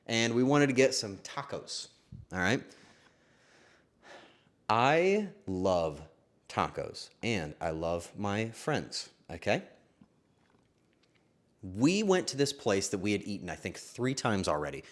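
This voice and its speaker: A young man streaming, chatting casually and emotionally, swearing often and swinging from loud bursts to hushed asides. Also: fairly low pitch, sing-song, takes it slowly, long pauses.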